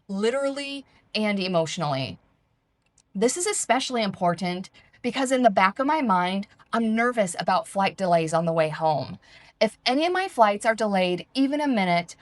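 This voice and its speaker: A woman reading her own travel memoir aloud in a calm, reflective, measured way. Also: mid-range voice, dry recording. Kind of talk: first-person memoir reading.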